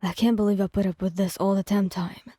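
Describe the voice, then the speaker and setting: A woman's voice: mid-range voice, flat delivery, fairly quick, mellow, dry recording, clean studio sound, natural voice. A woman voicing a hot-tempered young man who scolds his girlfriend in a harsh, cursing way. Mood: angry.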